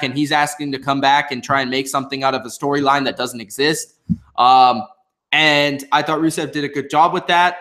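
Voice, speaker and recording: A man's voice: a little high, a bit bright. Chatty man reviewing a wrestling show. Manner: chatty, opinionated, many fillers and restarts. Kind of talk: casual commentary.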